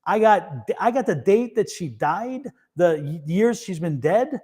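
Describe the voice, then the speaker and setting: High-voiced, rambling male tarot host. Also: animated, measured pace, mellow, breathy edge. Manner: rambling storyteller with many restarts and fillers; laughs easily. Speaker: tarot reader and show host. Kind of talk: casual live-stream chat.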